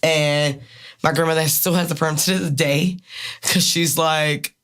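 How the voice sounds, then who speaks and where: A woman in her twenties with a Maryland accent, co-hosting a podcast in casual, profane, animated chat. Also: low-pitched, unhurried. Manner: candid, profane, animated storytelling. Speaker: podcast co-host.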